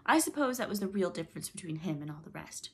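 Low-voiced woman narrating a storybook. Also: fast. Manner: dramatic, expressive reading with rising emphasis. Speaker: audiobook narrator.

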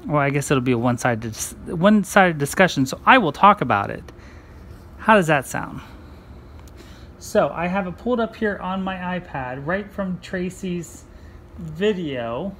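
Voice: mid-range voice, expressive, measured pace, fairly bright tone, a little hiss or hum. A cross-stitch vlogger chatting casually and rambling on while stitching.

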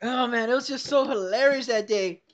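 This podcast host, a young woman with a slightly high voice and moderate pace, spins a meandering, profane story over a call while laughing. The computer call mic gives the audio a dull, lo-fi quality.

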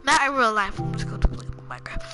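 A woman's voice: fairly high pitch, fast. A young woman giving rambling, casual commentary to viewers while playing a game, often dropping to murmurs. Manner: chatty, rambling, talks to viewers as "y'all". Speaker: gaming channel host. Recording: music playing behind voice.

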